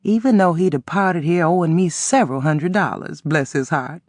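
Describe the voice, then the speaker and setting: Man doing a wheezy old man, low weak voice, blunt and folksy, dry recording. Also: moderate pace, dry recording, close to an everyday voice.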